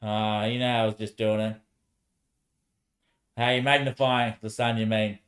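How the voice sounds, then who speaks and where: A man's voice: fairly low pitch, level tone, measured pace, fairly bright tone. Man rambling to himself on a stream. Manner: rambling, answers himself back and forth, frequent "mate" and laughs. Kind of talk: rambling solo livestream talk.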